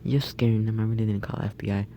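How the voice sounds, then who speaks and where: A man's voice: fairly low pitch, flat delivery, quick pace, mellow, slight background noise. A young man telling a story over gameplay in a casual, rambling way, often restarting his sentences. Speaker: gaming YouTuber.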